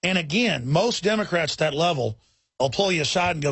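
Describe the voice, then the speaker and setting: A man with a high-pitched voice hosts a heated talk radio show. He talks forcefully and indignantly, piling up repeated words and quick restarts. The sound is close and dry. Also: expressive, slightly rough, no echo.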